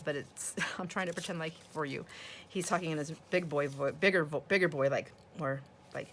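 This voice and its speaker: An older woman talks casually and rambles as she sorts through craft scraps at home, laughing now and then. Her voice sits on the lower side, and a faint hiss of noise runs underneath. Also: a little fast, fairly bright tone. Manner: chatty and rambling, often laughing. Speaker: craft vlogger. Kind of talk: casual chat while sorting craft supplies.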